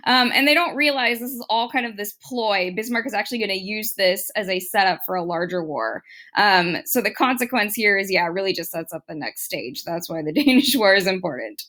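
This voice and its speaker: A young adult woman teaching a casual history lecture, chatty and acting out historical figures in quick quoted asides. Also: medium pitch, expressive, sharp tone.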